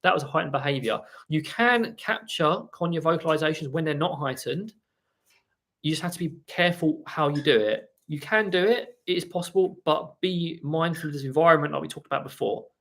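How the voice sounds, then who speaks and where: Chatty and meandering, a man runs a casual live stream about training parrots, reading comments from viewers and murmuring to his birds at home. His voice is on the high side, creaky, and brisk.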